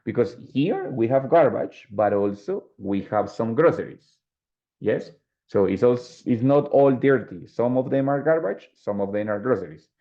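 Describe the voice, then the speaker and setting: In dull lo-fi audio, a man with a Colombian Spanish accent patiently explains things in his English class, sometimes switching to Spanish. His mid-range voice is mellow and animated, at a moderate pace.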